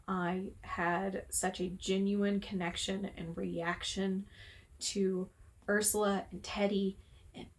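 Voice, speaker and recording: Slow-paced and medium-pitched, with little movement in her voice, a woman reviewing books rants casually to camera. Heated and exasperated, she swears freely from a room at home with its window open.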